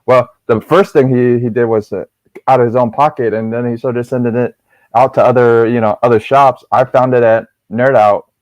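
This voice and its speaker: A man's voice: mid-range voice, fairly even intonation, normal speed, darkish tone, no echo, rough recording. A man hosting a casual chat, rambling and repeating himself as he talks. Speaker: host.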